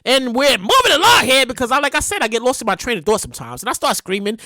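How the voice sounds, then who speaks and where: Loud, hyper male podcast host. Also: extremely high pitch, quick pace, hardly any pauses, no echo, clean studio sound. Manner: loud, hyper and animated, with profanity; acts out quoted people in shouts. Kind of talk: solo podcast rant.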